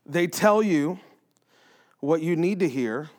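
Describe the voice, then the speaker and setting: Earnest high-voiced man leading church talk. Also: expressive, slow, darkish tone. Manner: earnest, emphatic, repeats phrases for stress. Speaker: church leader. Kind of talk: casual faith talk.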